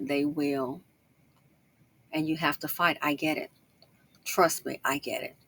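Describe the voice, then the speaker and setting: A woman delivers casual commentary in a bright, sharp-edged voice. She talks quickly and slangily and hammers her points home by repeating them. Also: sits low. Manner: talks fast, tries to slow herself down. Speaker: YouTube commentator.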